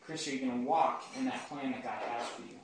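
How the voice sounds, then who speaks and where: Talking fast in a steady, mid-range voice over a noisy background, a man gives an informal Bible talk to campus listeners. He keeps checking in with them, and the mic is far off in a very reverberant room.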